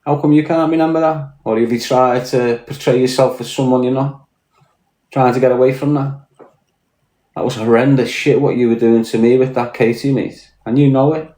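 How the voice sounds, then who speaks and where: A warm, mid-range voice belongs to a live streamer from Liverpool, England, whose Scouse accent colours his blunt, sweary ranting. Hours on air have left him mentally tired, and the recording sounds echoey and roomy.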